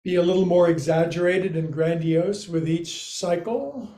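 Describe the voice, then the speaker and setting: A man's voice: high voice, moderate pace, dark tone. A man teaching a livestreamed yoga class, counting and cueing moves with playful jokes. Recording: roomy, echoey room.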